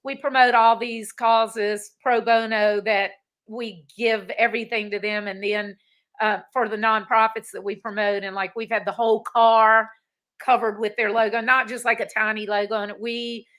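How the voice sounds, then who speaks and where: A woman's voice: a little high, little pitch movement, a bit bright. Older woman host, friendly interviewer. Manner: friendly, quick encouraging backchannels. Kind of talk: casual interview chat.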